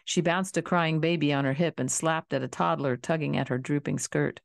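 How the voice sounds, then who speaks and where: A woman narrating a children's novel in a calm, steady storybook reading. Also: sits low, moderate pace, vocal fry, no echo, clean studio sound. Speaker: audiobook reader.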